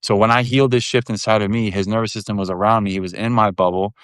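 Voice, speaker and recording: A man's voice: fairly low pitch, fairly even intonation, fast, clean tone, dry recording, studio quality. A man in his thirties talking candidly as a podcast guest, frank and rambling, with plenty of swearing. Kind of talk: candid casual conversation.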